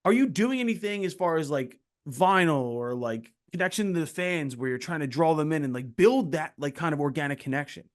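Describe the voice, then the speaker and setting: A young man hosting a casual interview, excitable, swearing freely and jumping in often. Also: fairly high pitch, brisk, hardly any pauses. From Philadelphia area. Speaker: podcast host.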